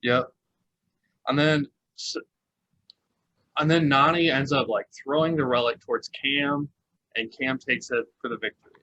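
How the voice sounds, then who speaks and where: A man's voice: mid-range voice, a little slow, pauses often, pushed and bright, lo-fi sound. A man co-hosting a podcast, recapping a reality show in a chatty, casual way with lots of fillers and laughter. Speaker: podcast co-host.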